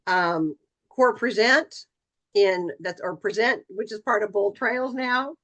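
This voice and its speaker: A woman's voice: mid-range voice, fairly bright tone. Casting: middle-aged woman, real estate trainer, chatty and direct, mid-range voice. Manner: conversational, acts out client dialogue. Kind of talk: training session talk.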